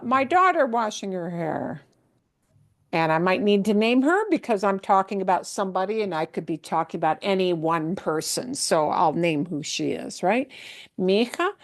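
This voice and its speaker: A woman teaching a Spanish lesson, explaining patiently and often checking in with her students, mixing English with Spanish examples. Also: mid-range voice. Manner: slow, patient explaining with many checks like "right?". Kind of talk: live language lesson.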